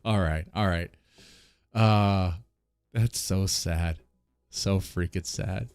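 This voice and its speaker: A man's voice: deep voice, fairly even intonation, slow pace, darkish tone, clear, resonant tone, dry recording. A man hosting a casual live stream, ranting bluntly and laughing often as he comments. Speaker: streamer host.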